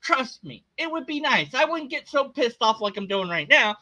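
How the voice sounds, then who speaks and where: Man, reaction video host, exasperated over-the-top rant, swooping pitch, bright. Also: very animated, moderate pace, no echo.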